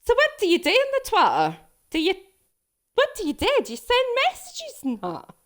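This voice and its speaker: A woman's voice: huge pitch swings, moderate pace, fairly bright tone, full character voice. A woman imitating her puzzled middle-aged mother who is confused by social media. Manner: high-pitched, puzzled questioning.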